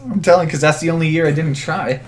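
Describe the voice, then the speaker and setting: A man's voice: fairly high pitch, fast talker. A young man co-hosting a podcast, casually telling a school story and acting out its people. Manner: animated storyteller, acts out the people in his story. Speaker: podcast co-host.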